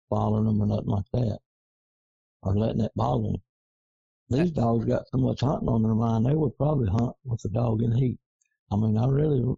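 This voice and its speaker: Gravelly, husky man. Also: mid-range voice, mellow, dry recording, muffled recording. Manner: slow, rambling, folksy Southern dialect grammar. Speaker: coonhound breeder being interviewed. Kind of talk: casual interview.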